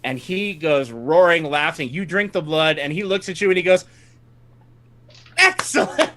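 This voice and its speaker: A man's voice: fairly high pitch, normal speed, fairly bright tone, a little hiss or hum. A man running a tabletop game as game master, narrating the scene to his players and laughing often.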